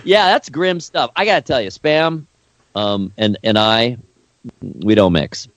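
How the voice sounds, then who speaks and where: A man's voice: mid-range voice, unhurried, fairly bright tone, no echo. A man co-hosting a podcast, throwing in playful wisecracks during casual banter. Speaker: podcast co-host.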